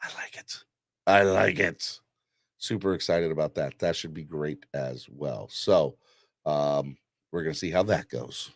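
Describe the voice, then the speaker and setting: A man with a low voice hosts a casual live-stream sports chat. He is hyped and rambles with plenty of fillers while he urges viewers to like and donate. The sound is dry, with no room echo. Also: unhurried. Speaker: livestream host.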